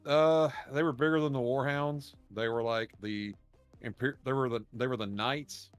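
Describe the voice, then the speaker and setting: A man's voice: medium pitch, steady tone, normal speed, soft background music. Rambling man telling stories. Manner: rambling, profane, laughs while telling stories. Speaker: podcast co-host. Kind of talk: casual storytelling chat.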